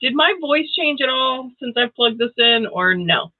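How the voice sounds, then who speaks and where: A woman's voice: a little high, lively intonation, normal speed. A grandmother hosting a casual livestream, chatty and laughing often as she reads out viewer comments. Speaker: livestream host. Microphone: new plug-in microphone. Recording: tinny phone-like sound.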